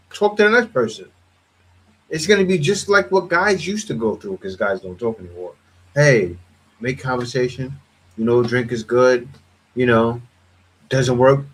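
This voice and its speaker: A man's voice: mid-range voice, expressive, normal speed, pauses often, husky. A man hosting a casual reaction commentary, talking bluntly and animatedly, often repeating himself. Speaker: commentary host.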